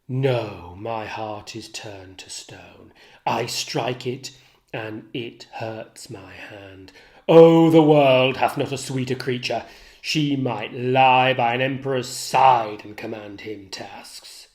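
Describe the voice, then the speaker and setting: A tutor reading the lines of a jealous, enraged man from a play, loud and anguished, swinging from shouts to hush. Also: mid-range voice, takes it slowly, lightly acted. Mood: raging grief.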